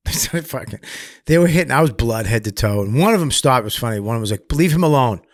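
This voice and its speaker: A middle-aged man, a comedian guest telling rough stories, swearing and loudly acting out what people said. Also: mid-range voice, quick pace, no room sound, clean studio sound. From Massachusetts, US. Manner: profane, animated, acts out quotes loudly. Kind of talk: candid storytelling interview.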